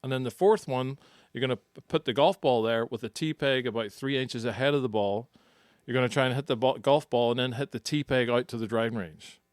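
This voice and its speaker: A man who co-hosts a podcast and coaches golf, explaining his drill step by step in a relaxed chat. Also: mid-range voice, brisk, dry recording, studio quality.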